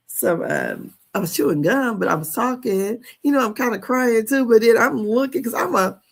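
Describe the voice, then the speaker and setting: A woman's voice: on the high side, sing-song, moderate pace. A woman in her fifties hosting a casual live stream, chatty and candid, laughing often as she talks. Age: 50s. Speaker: podcast host.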